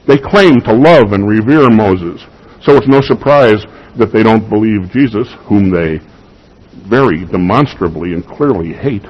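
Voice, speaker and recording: A man's voice: fairly low pitch, lively intonation, a little slow, breathy edge, dull audio. A man preaching a sermon, emphatic and given to repeating key phrases for weight.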